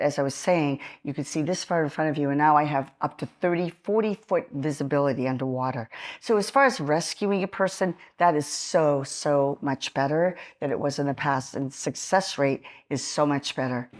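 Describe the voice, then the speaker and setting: Low-voiced enthusiastic Massachusetts woman. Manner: enthusiastic, rambling, with many fillers and restarts. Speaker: historian and scuba diver giving a talk. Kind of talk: informal historical talk.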